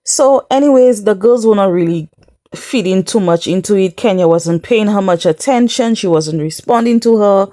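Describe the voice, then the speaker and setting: A recap vlogger with a mid-range, dark-toned voice talks through a reality show at normal speed, chatty, incredulous and laughing often. The recording is dry and studio-quality.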